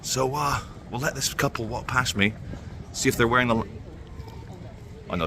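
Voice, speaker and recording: A man's voice: medium pitch, normal speed, long pauses, noisy background. Ranting, sarcastic man vlogging outdoors. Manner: heated, sarcastic, rambling. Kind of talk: ranting street vlog. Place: outdoors at a broadcaster's building.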